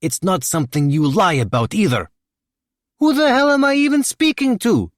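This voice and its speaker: A blunt middle-aged Russian mother with a raised, swooping voice, as a male narrator puts her on. She scolds without softening anything, in an audiobook read in a dry, close studio sound. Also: high-pitched, animated, normal speed, no echo, pitched above the performer's own voice. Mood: scolding. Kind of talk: audiobook character voice.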